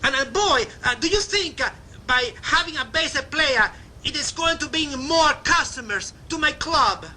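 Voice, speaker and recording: A man playing an excitable older male club owner with an Italian accent, scolding and flustered. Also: very high-pitched, measured pace, slight background noise, voice pushed up, exaggerated voice.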